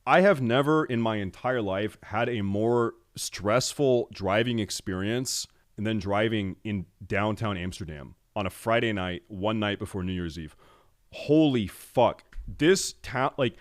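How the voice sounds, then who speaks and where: A man's voice: lowish voice, a little slow. Profane, exasperated young man. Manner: profane, exasperated, gets loud and animated. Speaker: streamer. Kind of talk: casual rant to stream chat.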